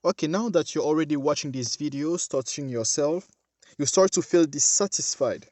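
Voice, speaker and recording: A man's voice: a little high, normal speed, a little mellow, no room sound. A man preaching a sermon, speaking emphatically, repeating himself and addressing the listeners directly.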